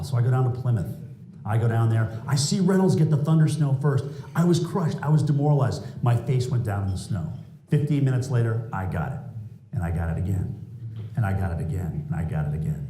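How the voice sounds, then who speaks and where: A man giving a keynote speech, telling stories in an animated, self-mocking way. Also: medium pitch, brisk. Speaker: keynote speaker.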